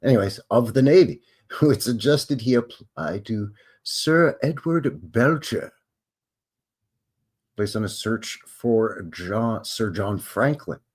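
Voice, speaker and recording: A man's voice: lowish voice, lively intonation, slow pace, darkish tone, slightly rough. A Canadian man hosting a live show, casually reading historical notes aloud and breaking off for wry, offhand asides. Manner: wry offhand asides between read-out facts.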